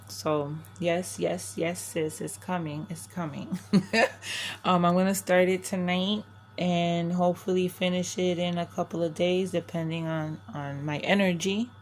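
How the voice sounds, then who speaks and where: A woman's voice: on the low side, darkish tone, a little hiss or hum. An older woman from New York, a crafting vlogger chatting candidly to camera, rambling and often restarting her sentences. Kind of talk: casual chat to camera.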